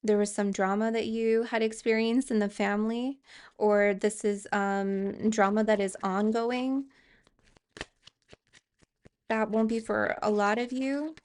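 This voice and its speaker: A tarot reader, a woman with a smooth, slightly mellow mid-range voice, gives a card reading. She speaks hesitantly, with fillers and restarts, and reassures her viewers directly.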